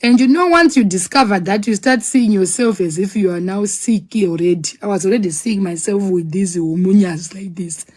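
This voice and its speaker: A woman telling her own story in a dramatic, animated way, acting out scenes with sound words. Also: medium pitch, moderate pace, few pauses. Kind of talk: personal storytelling.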